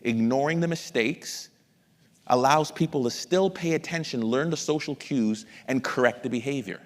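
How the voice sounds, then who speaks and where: A middle-aged man presenting at an education masterclass, who addresses the audience directly and acts out examples in a lively lecture. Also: medium pitch, normal speed. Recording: long hall reverb.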